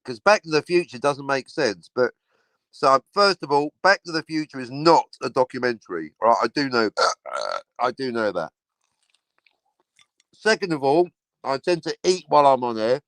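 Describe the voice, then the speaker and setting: A man hosts a casual livestream in a sardonic, sweary tone, breaking into mock announcer bits now and then. His voice sits a little high for a man, and the sound is close and dry with almost no room echo. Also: expressive, normal speed, a bit bright. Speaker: livestream host.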